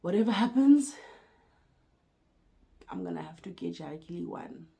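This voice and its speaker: Young South African woman, storytime vlogger. Mellow, lower voice. Lively retelling with dialogue played out. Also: a little slow, vocal fry, poor audio. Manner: animated retelling, acting out dialogue, switching into Sesotho. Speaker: YouTuber telling a personal story. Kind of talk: storytime vlog.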